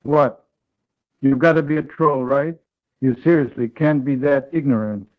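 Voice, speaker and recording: A man tells a third-person story in a flat, read-aloud delivery. His voice sits at a middle pitch. It comes through thin and tinny, like audio from an online call. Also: measured pace.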